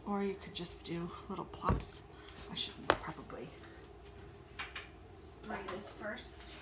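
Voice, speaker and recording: Slow-talking woman in a noisy kitchen. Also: mid-range voice. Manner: chatty, coos sweetly to her dogs. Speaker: home baking and crafting vlogger. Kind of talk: casual kitchen vlog. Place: home kitchen. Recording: noisy, with clattering dishes and clicks.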